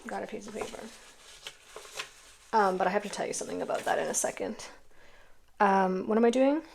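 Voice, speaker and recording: A middle-aged woman talks through a pick-a-card tarot reading. She is chatty and emotional, rambling as she goes. There is a gravelly fry running through her voice. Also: mid-range voice, a little fast, a little mellow, slight background noise.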